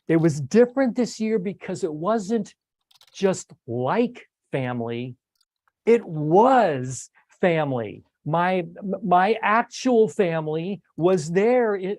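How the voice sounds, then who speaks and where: A man's voice: on the high side, no echo. Older man hosting, dry close voice. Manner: warm, rambling, many fillers and restarts. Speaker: host. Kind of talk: casual recap talk on a video stream.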